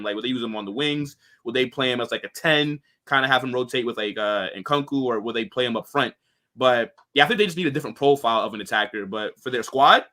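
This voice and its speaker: Bright-voiced man giving football opinions. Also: mid-range voice. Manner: relaxed, opinionated, rambling. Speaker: panelist. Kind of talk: casual football discussion.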